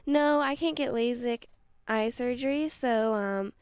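A giggly woman chats in a soft, easy way. Her voice sits a bit high and is recorded dry. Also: measured pace, clear, resonant tone, no echo. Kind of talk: casual chat.

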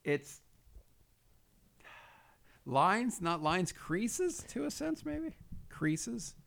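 Male co-host, teasing jokester, gravelly voice with a lively, bouncing pitch. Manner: joking, teasing, quick asides. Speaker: podcast co-host. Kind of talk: casual crude podcast banter.

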